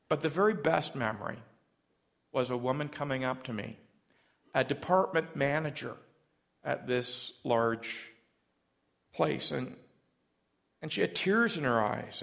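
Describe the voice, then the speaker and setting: Middle-aged male pastor, heavy vocal fry, earnest storytelling sermon with emotional swells. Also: mid-range voice, fairly bright tone.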